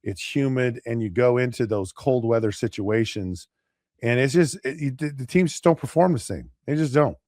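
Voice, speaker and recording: A man co-hosting a casual sports talk show, rambling with many restarts and acting out players and pundits in quick asides. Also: medium pitch, darkish tone, no room sound, studio quality. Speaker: podcast co-host.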